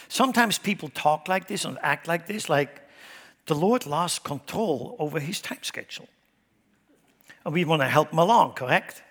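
A man preaching a sermon who speaks emphatically, swinging his loudness up and down and asking his congregation rhetorical questions. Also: a little high, animated, moderate pace. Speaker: pastor. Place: church sanctuary. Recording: long hall reverb.

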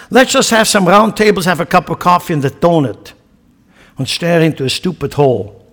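Male pastor, fiery and scornful sermon delivery, higher voice, reverberant hall. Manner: impassioned, rhetorical, scornful asides.

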